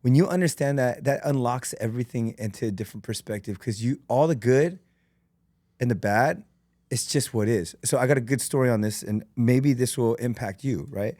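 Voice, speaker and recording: A man who is a podcast guest and entrepreneur, telling stories in an earnest, animated and emotional way. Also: medium pitch, moderate pace, dry recording. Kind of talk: emotional, candid conversation.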